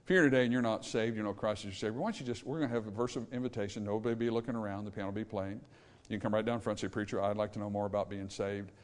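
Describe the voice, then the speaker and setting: A man preaching, swinging between loud emphatic points and hushed pleading. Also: on the low side, fairly even intonation, racing. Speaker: pastor. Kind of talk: sermon. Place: church sanctuary.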